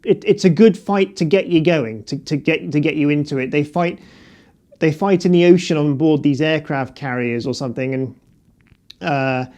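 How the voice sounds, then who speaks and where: A middle-aged man talks through his thoughts on a film in a loose, unscripted way. He stops and restarts often, filling gaps with ums and uhs. His voice sits a little high for a man. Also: normal speed, a little mellow. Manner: hesitant, many fillers and restarts. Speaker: film reviewer. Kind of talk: casual unscripted film review.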